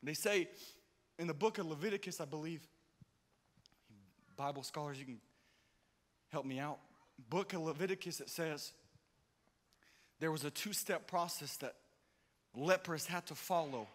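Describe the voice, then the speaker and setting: A man preaching a sermon with drama, swinging between loud outbursts and hushed, slow passages. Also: fairly high pitch. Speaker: pastor. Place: church hall. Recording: hall reverb.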